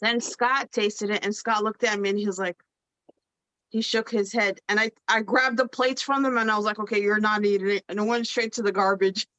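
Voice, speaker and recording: A woman's voice: medium pitch, normal speed, no room sound. A woman telling a funny story in casual chat, laughing and acting out the quotes. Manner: animated, laughing, acts out quotes.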